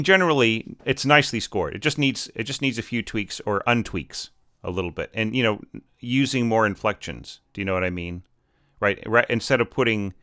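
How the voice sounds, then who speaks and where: A man talks through a score as a teacher, rambling and encouraging, with lots of fillers and restarts. His voice is smooth and resonant, sitting a bit low, and the sound is close and dry with no room around it. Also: sharp tone, no room sound. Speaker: orchestration teacher reviewing scores. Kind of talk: casual spoken score critique.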